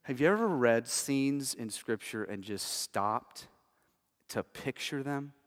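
A man's voice: medium pitch, lively intonation, takes it slowly. A man preaching a sermon in a casual, conversational way, often restarting phrases and checking in with "right?". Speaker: pastor. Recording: long hall reverb.

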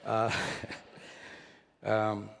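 A man from South India with an Indian accent, a visiting bishop opening his sermon with gentle self-deprecating humor. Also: fairly low pitch, monotone, extremely slow, gravelly. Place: church sanctuary. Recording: reverberant church hall.

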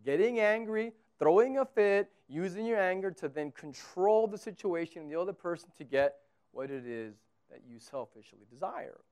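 A man from Texas preaching a sermon as pastor, talking conversationally and swinging between loud emphatic bursts and quiet low lines. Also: animated, normal speed, clean tone.

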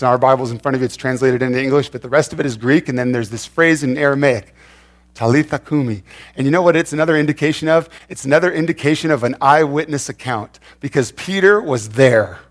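A man preaching a sermon in a conversational way, often repeating words and restarting. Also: medium pitch. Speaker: pastor.

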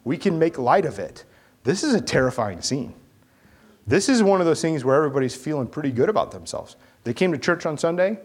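A male pastor preaching a sermon, animated, acting out voices and asking the crowd questions. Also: on the high side, a little fast, husky.

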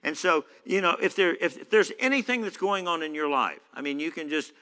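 A man's voice: fairly high pitch, lively intonation, fairly quick, pushed and bright, smooth. A man preaching a sermon in a church, conversational, with many fillers. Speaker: pastor. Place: church hall. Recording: echoey church hall.

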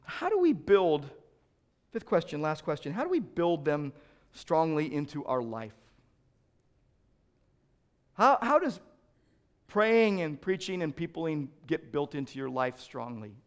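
A middle-aged male pastor preaching a sermon, swinging between loud emphasis and quiet, close asides. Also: fairly high pitch, sing-song, measured pace, pauses often.

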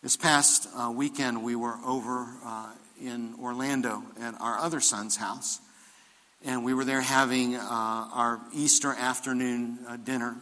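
A man's voice: medium pitch, steady tone, measured pace, pushed and bright, big-room sound. An older man preaching a sermon as pastor, telling stories and rising into emphatic preaching.

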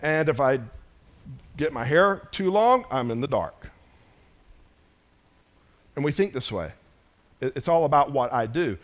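A man preaching a sermon, swinging between loud, emphatic lines and soft, low asides to the congregation. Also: very animated, a little slow, long pauses. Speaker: pastor.

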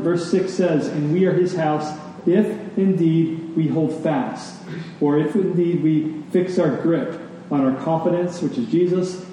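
A man's voice: on the high side, mellow, slight background noise. A man preaching a sermon as a pastor, emphatic and rhythmic, leaning on key words. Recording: echoey hall, distant mic.

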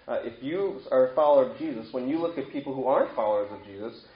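A man's voice: mid-range voice, expressive, fast talker. A man gives a sermon in a loose, conversational way and keeps putting questions to his listeners. His voice rings in an echoey room, and the recording sounds dull and lo-fi. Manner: conversational preaching with rhetorical questions. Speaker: pastor.

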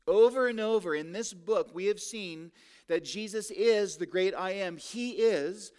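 A man with a fairly high voice delivers an expository sermon from the pulpit. He builds his points through rhetorical questions and slows down to draw out key words for emphasis. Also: a little mellow, smooth. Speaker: pastor.

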